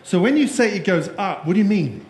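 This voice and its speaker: A man's voice: sits high, expressive, fairly quick, a little mellow. A man giving a conference keynote, jokey and playful, quizzing the live audience in the room. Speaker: keynote speaker. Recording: echoey room.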